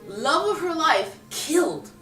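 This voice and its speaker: A woman vlogger chats casually in a film review, animatedly acting out characters' lines as she goes. Her voice is high-pitched and unhurried, recorded on a distant mic with roomy echo and faint music.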